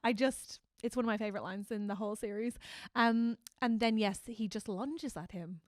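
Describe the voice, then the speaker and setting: A woman co-hosting a comedy podcast in casual chat, excitable and quick to laugh. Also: on the high side, dry recording, clean studio sound. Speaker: podcast co-host.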